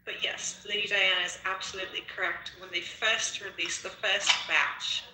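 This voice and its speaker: Assured woman explaining, bright tone. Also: mid-range voice, steady tone, moderate pace, echoey room, rough recording. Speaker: participant in an online audio room. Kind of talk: casual discussion.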